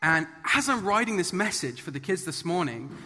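Earnest bright-voiced preacher man. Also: high voice, very animated, normal speed. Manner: earnest, emphatic, builds through repetition. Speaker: preacher giving a children's message. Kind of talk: sermon. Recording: long reverb of a large hall.

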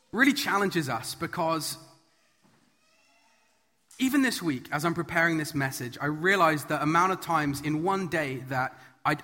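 The long reverb of a large church hall surrounds a man giving a children's message sermon. His voice sits on the high side with a sharp tone, and he is earnest and emphatic, reinforcing points through repetition.

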